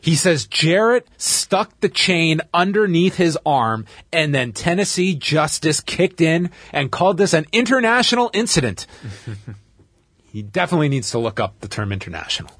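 Husky Canadian man recapping, dry mic. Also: a little high, moderate pace, no echo. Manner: animated storyteller who laughs while recapping. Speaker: podcast host. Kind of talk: casual recap chat.

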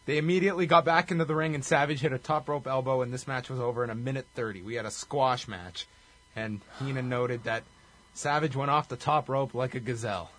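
A man's voice: mid-range voice, steady tone, fairly quick, a bit bright. A man co-hosting a casual podcast, recapping a wrestling show with a wry, chuckling delivery. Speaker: podcast co-host.

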